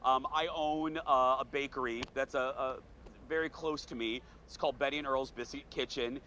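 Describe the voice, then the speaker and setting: A man from the American South hosting a morning TV show outdoors at a fair, earnest and emotional, speaking slowly. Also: mid-range voice, steady tone, sharp tone, slight background noise. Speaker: TV show host. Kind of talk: morning TV chat. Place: outdoor state fair set.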